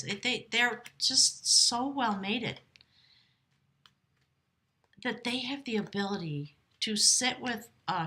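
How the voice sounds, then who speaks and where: A woman's voice: a little high, bright, forceful tone. A woman reading tarot cards aloud, musing and emotive, stretching words for emphasis and slipping into brief whispers. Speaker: tarot reader.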